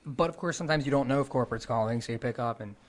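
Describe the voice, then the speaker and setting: A man's voice: mid-range voice, racing. A young man in casual podcast conversation, wry and jokey, sometimes putting on a phone voice. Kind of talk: casual chat.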